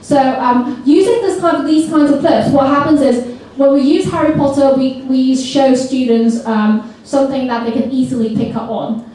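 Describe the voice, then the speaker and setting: At normal speed and with hardly any pauses, this woman runs a lively teacher training seminar, getting her audience to repeat words back to her. Her voice is a little high, and the distant recording comes from a very echoey hall.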